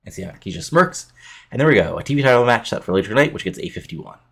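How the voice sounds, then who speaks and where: A man's voice: medium pitch, animated, fast talker, a bit bright, slightly rough. A man casually narrating his wrestling booking game, rambling with lots of filler words. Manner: rambling, many fillers like "you know".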